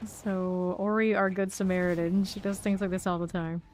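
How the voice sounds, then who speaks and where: A woman's voice: mid-range voice, steady tone, moderate pace, darkish tone, soft background music. A woman streaming a game, chatting casually with viewers, laughing often and reading their messages aloud. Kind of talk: casual gameplay chat. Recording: faint background noise.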